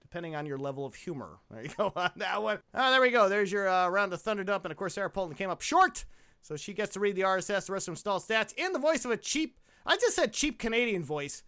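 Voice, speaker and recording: A man hosting a comedy podcast, boisterous and quick to burst out laughing. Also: sits high, very animated, clear, resonant tone. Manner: boisterous, laughs loudly at jokes. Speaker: podcast host.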